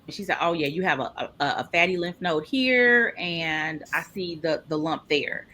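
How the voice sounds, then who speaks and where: A woman telling a personal story in an interview, lively and expressive, acting out the people she quotes. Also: normal speed, a little hiss or hum. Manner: animated, acts out quoted people with big pitch jumps. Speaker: podcast guest.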